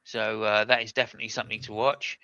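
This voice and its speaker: A man's voice: fairly low pitch, level tone, quick pace, creaky, pushed and bright, muffled recording, slight background noise. A man hosting a live stream in casual chat, joking as he wraps up the show. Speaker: host.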